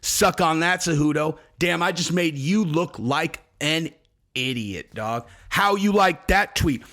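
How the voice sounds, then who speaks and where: A man's voice: a little high, unhurried, bright, forceful tone. A man playing a drunk, cocky male fighter, talking profane trash in a swaggering way. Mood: boastful. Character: drunk, cocky male fighter boasting about his tweets.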